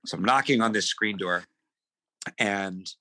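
Man, podcast guest, animated storytelling, forceful tone, dry close sound. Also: lowish voice, measured pace, no echo, poor audio. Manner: animated, repeats words, acts out quotes. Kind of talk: casual storytelling.

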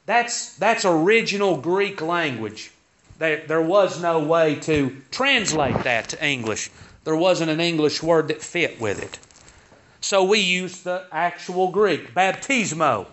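In a dull, lo-fi recording, a man with a high, fairly bright voice teaches Sunday school. He reads verses from the Bible in King James language, then walks through their meaning.

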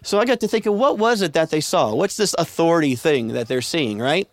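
A man's voice: a little high, expressive, fairly quick, no echo. A man preaching a sermon to a congregation, talking in a conversational way, telling stories and asking the room questions. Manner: conversational, storytelling, asks the congregation. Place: church sanctuary with a congregation.

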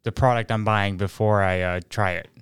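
A man who is a guest on a laid-back chat show, speaking in an easygoing way. His voice sits a little low and rings very clear, and the sound is dry and close. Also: fairly even intonation, moderate pace, no room sound. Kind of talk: casual chat.

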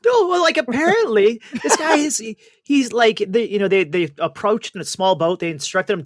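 A man's voice: sits high, moderate pace, few pauses, no room sound, studio quality. A man co-hosting a casual radio show, telling a wild news story with lots of energy and putting on voices for the people in it. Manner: animated storyteller, puts on voices for quoted people. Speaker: radio co-host.

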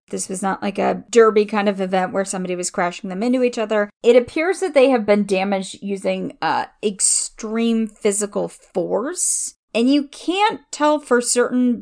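Woman game master, gravelly creaky voice, slow careful explaining. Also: fairly high pitch. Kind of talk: running a tabletop game.

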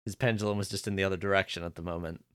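A man's voice: low-pitched, steady tone, smooth, no room sound, studio quality. A man co-hosting a podcast, recapping episodes in casual chat, often laughing and restarting his sentences. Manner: laughing, trailing off, halting restarts. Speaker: podcast co-host.

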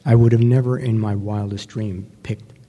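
A man giving a personal recovery testimony to an audience, speaking reflectively and pausing often with fillers. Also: lowish voice, fairly even intonation, warm tone, a little hiss or hum. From New York. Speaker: speaker sharing his recovery story. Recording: long hall reverb.

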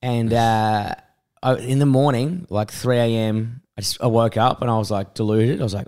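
Rambling Australian bloke telling stories. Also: male voice, mid-range voice, fairly even intonation, normal speed, a little mellow, clean tone. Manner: rambling storyteller, swears often, acts out quotes. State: voice rough from vomiting. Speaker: podcast co-host. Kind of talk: casual chat.

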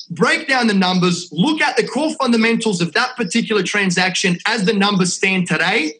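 An Australian man talking as a podcast guest, energetic and salesy, dropping "mate" and "right?" all through his talk. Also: sits high, low-quality recording. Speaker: real estate investment company owner, podcast guest. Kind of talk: casual podcast chat.

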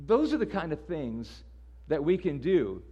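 A man's voice: a little high, very animated, a little slow, mellow, husky, lo-fi sound. A man preaching a sermon in a casual, conversational way, often repeating words as he restarts. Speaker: pastor.

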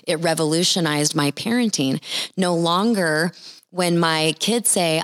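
A woman's voice: on the low side, a little slow, no room sound, clean studio sound. A middle-aged woman sharing a Christian testimony in an earnest, heartfelt storytelling manner. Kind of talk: personal testimony talk.

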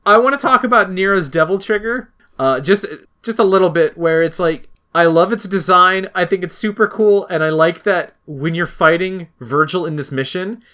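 Excitable man chatting about games. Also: high voice, normal speed, hardly any pauses. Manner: excited, rambling, acts out quotes. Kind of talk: casual chat about a video game.

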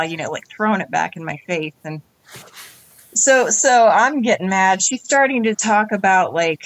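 A woman in her forties, an interview guest, telling her story in animated conversation and acting out the lines of others. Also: fairly low pitch, normal speed, no room sound.

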